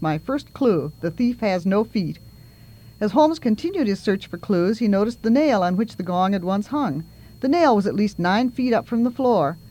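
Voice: medium pitch, warm tone. Reader narrating a story aloud.

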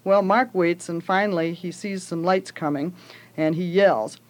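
A woman retelling a children's story in a relaxed way, with occasional fillers. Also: on the low side, a little slow. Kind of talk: casual retelling of a children's book.

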